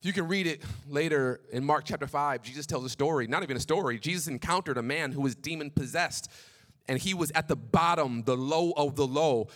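A young man preaching a sermon, swinging between quick, animated stretches and hushed, slow lines. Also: fairly high pitch. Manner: animated preaching, drops to hushed tones for God's words. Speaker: pastor.

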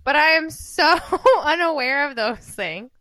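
Bubbly, high-voiced young woman. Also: measured pace. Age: 20s. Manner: animated, acts out quoted dialogue with big pitch jumps and laughter. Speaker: podcast co-host. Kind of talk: casual storytelling chat.

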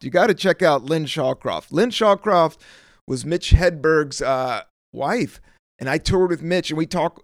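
A middle-aged man hosts a solo podcast as a working comedian, drifting from thought to thought with easy profanity and frequent hunts for the right word. His voice sits a little high and swings widely in pitch. The recording is very dry and close. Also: creaky, no room sound. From United States. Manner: loose, profane, stream-of-consciousness, trails off searching for words. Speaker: podcast host. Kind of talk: rambling solo podcast monologue.

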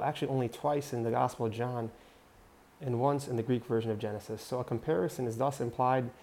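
A man's voice: medium pitch, creaky, warm tone. A man preaching and teaching scripture, addressing listeners directly and earnestly with prompts and questions.

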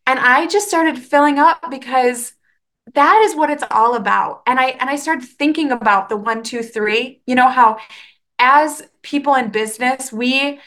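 Bright, chatty woman podcast host. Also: high voice. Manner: animated, earnest, chatty with quick restarts. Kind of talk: casual faith podcast monologue.

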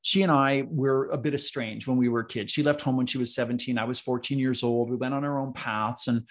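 A man's voice: mid-range voice, steady tone, brisk. A man who works as an executive coach, a guest on a podcast, talking casually and earnestly, telling stories with emphatic repetition. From North America, East Coast.

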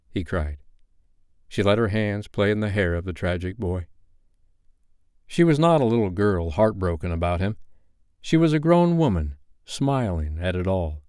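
Storyteller, man, smooth voice, lively delivery, bedtime reading. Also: sits low, dry recording, clean studio sound. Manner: expressive, gentle storytelling.

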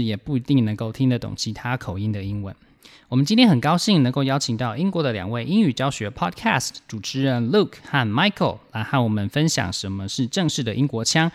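A male podcast host with a mid-pitched voice explains a topic in a measured, explanatory way and puts questions to his guests. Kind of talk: podcast narration and interview questions.

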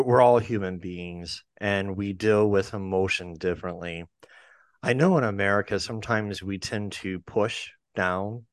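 Man, co-host, lowish voice, measured, reflective, dry sound. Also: smooth, dry recording. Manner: measured, reflective, asks thoughtful questions. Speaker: podcast co-host. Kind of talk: casual conversation.

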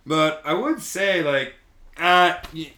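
A man co-hosting a podcast, telling a long story in a rambling way with constant swearing. His voice is bright with an average pitch. The room has a noticeable echo. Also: slow. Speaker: podcast co-host. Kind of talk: casual chat, storytelling.

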